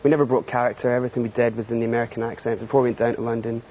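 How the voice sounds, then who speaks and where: A man's voice: medium pitch, flat delivery, very fast, darkish tone, slight background noise, poor audio. A young man from Scotland with a Scottish accent, a guest on a TV studio interview, candid and filler-heavy, laughing often.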